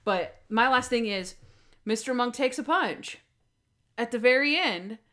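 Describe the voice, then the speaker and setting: A young woman co-hosting a podcast in casual chat, animated and acting out scenes in quoted voices. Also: a little high, unhurried. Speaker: podcast co-host.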